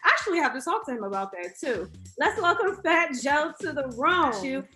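A woman hosting a casual interview show, bubbly and quick to laugh. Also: sits high, sing-song, bright, forceful tone, faint music behind. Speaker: host.

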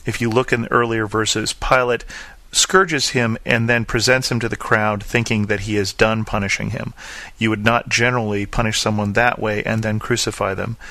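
A man preaching a sermon, reading scripture and then explaining it earnestly, slowing down to stress the key lines. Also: lowish voice, bright, forceful tone, no room sound. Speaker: pastor.

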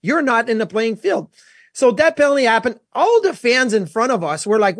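A man with a high voice co-hosting a sports show, recorded dry and close. He tells hockey stories with animated energy. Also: brisk, no echo. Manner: storytelling, animated. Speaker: co-host, former goalie. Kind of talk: casual sports chat.

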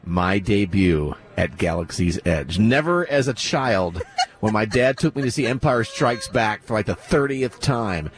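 A man's voice: on the low side, expressive, a little slow. A man hosting a live radio broadcast from a theme park, gushing with enthusiasm and tripping over his words. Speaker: radio host. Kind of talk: excited live broadcast chat.

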